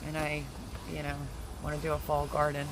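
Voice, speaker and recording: Talking fairly quickly in a high voice with a completely flat delivery, a man chats casually on a livestream, rambling between topics and replying to viewer comments. A home gardener, he speaks into a phone camera in his backyard garden, surrounded by lots of outdoor noise.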